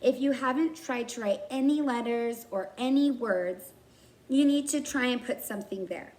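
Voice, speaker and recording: A woman's voice: a little high, normal speed, a little mellow, reverberant. A woman kindergarten teacher giving a recorded lesson to young children, speaking in simple, encouraging teacher talk.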